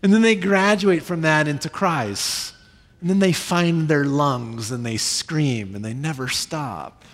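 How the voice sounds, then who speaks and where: A man in his thirties preaching a sermon, animated, with sudden high bursts when he acts out children. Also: measured pace. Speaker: pastor. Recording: long reverb in a large hall.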